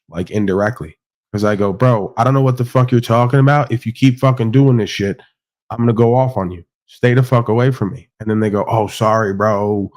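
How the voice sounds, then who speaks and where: A man's voice: fairly low pitch, darkish tone. A man hosting a livestream panel, ranting bluntly with lots of swearing and acting out quoted exchanges. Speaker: podcast host. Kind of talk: casual livestream rant.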